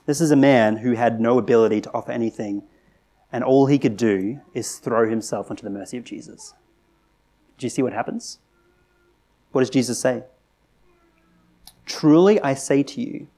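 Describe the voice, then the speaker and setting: A man preaching a sermon in a conversational, earnest way, asking rhetorical questions and rising to animated emphasis. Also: medium pitch. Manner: conversational with frequent restarts and "right?".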